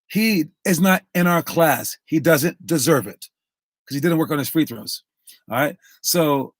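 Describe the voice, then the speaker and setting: A man's voice: a little high, no room sound, clean studio sound. A man who coaches basketball, talking casually on a live stream, lecturing through a story and acting out the quotes.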